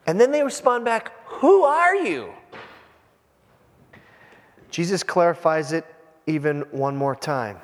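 Man in his fifties, pastor's sermon, lively swooping delivery, jokes with the congregation, long hall reverb. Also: fairly high pitch. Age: 50s. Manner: animated, jokey, talks straight to the congregation. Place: church with a congregation.

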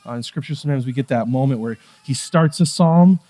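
A man preaching a sermon in a conversational way, moving between hushed, quiet passages and raised, emphatic ones. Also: mid-range voice, brisk. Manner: conversational, with fillers and asides. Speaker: pastor.

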